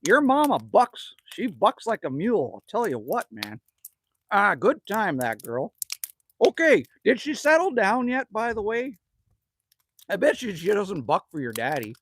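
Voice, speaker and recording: Canadian guy rambling on a live stream from his cabin, pitch jumping around a lot, reads the chat and jokes. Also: huge pitch swings, unhurried, a bit bright, breathy edge. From Manitoba, Canada. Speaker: livestream host. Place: indoors at a cabin with a wood stove.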